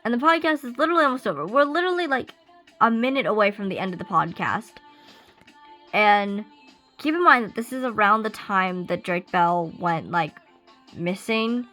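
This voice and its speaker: A woman's voice: medium pitch, moderate pace, faint music behind, low-quality recording. A woman ranting casually in a vlog while doing her makeup at home, speaking into her own camera with lots of fillers. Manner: animated, ranting, many fillers. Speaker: vlogger. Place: at home getting ready. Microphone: camera she sets up herself.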